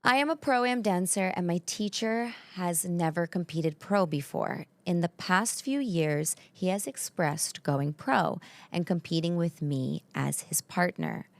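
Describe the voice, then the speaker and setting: A woman's voice: on the low side, unhurried, hardly any pauses, no room sound. A woman with an accent co-hosting a casual chat, telling stories animatedly and acting out quoted voices. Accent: non-native English. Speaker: podcast co-host.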